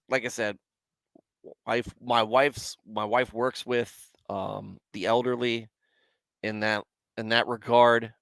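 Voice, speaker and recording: A man's voice: mid-range voice, fairly bright tone, dry recording. A man hosting a livestream, commenting on scripture in a rambling, self-deprecating way and chatting with viewers. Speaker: Bible commentary livestream host.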